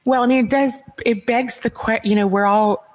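A woman's voice: a little high, fairly even intonation, moderate pace, darkish tone, low-quality recording. Direct, opinionated middle-aged woman host. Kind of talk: talk-show interviewing.

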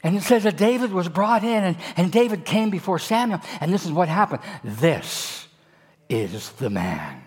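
A male pastor preaching a sermon, telling stories in an animated way that swings between loud and hushed. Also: high-pitched, a little fast, hardly any pauses.

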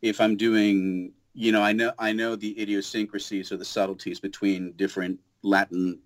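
In a home studio booth, a male voice actor and audiobook narrator chats as a guest in a casual interview. His voice is fairly low and moderately paced, and he tells stories animatedly with many restarts.

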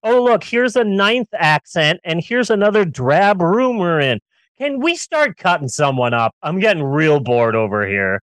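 A man's voice: sits high, very animated, measured pace, fairly bright tone, no room sound. A man co-hosting a casual movie-review podcast, ranting sarcastically and riffing with jokes. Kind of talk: casual comedic film review chat.

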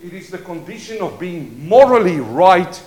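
A man preaching a sermon as pastor, leading call-and-response and moving between quiet asides and loud declarations. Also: high voice, big pitch swings, normal speed, roomy sound. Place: church.

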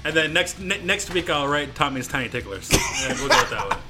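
A man's voice: on the high side, expressive, a little fast, over loud music. A man in his thirties, co-hosting a podcast and rambling through stories with frequent laughter. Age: 30s. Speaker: podcast co-host. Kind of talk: casual podcast banter.

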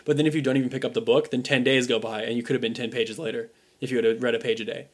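A young man co-hosting a podcast talks casually and rapidly in an ordinary middle pitch and a level tone. He wanders from thought to thought, leaning heavily on "like" and "um."

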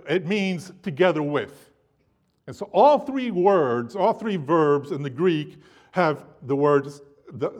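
A man preaching a sermon to a congregation, animated and emphatic, his loudness rising and falling. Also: fairly high pitch. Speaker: pastor.

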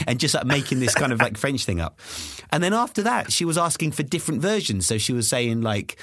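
A man's voice: mid-range voice, very animated, fairly quick, a bit bright, dry recording, clean studio sound. A British man co-hosting a casual podcast, sharing chatty, laughing anecdotes about bedtime with his daughter. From United Kingdom. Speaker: podcast co-host. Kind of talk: casual chat.

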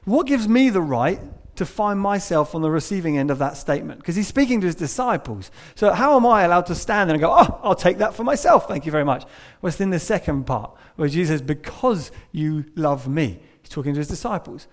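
A man delivering a church sermon, his voice sitting a little high for a man. He tells a story, sometimes dropping to a hush and sometimes pressing a point with emphasis. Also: expressive, a little fast, few pauses. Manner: storytelling, shifting between hushed and emphatic. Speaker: preacher.

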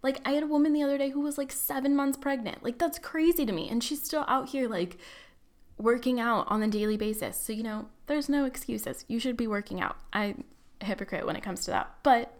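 A woman's voice: on the high side, a little fast. Chatty young woman telling a story. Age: young adult. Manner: chatty, filler-heavy, self-deprecating, dramatic. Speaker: college student. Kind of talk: casual personal storytelling.

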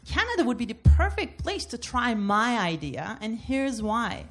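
A woman's voice: fairly high pitch, sing-song, unhurried. A woman from Turkey doing a comedic debate bit, laughing through her jokes.

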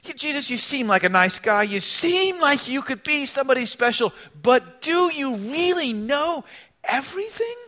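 A man's voice: high voice, wildly swooping pitch, a little fast, vocal fry, a bit bright, big-room sound, full character voice. A preacher voicing Peter, a doubtful fisherman. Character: skeptical adult male fisherman, protesting.

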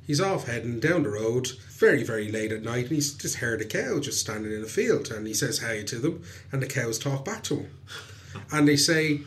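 A man with an Irish accent retelling a folk tale in a casual, chatty podcast, animated and laughing often. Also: mid-range voice, normal speed. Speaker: podcast host, storyteller. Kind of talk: casual storytelling chat.

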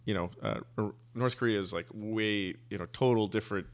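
A man's voice: on the low side, fairly quick. A man, a physicist guest, explaining his views in a thoughtful, hesitant way with many fillers. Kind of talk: casual conversation.

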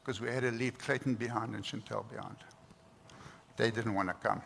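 Gravelly and fairly bright, this South African man's medium-pitched voice keeps a fairly even intonation at a moderate pace. A pastor in his 60s, he preaches earnestly, stressing and repeating words, in an echoing hall with a little noise.

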